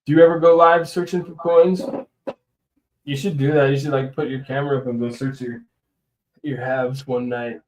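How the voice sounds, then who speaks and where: A man's voice: mid-range voice, little pitch movement, normal speed, rough recording. Guy rambling on a casual livestream, talky, laughs a lot, from the west coast. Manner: rambling, chatty, laughs often. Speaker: livestream host. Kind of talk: casual live-stream chat.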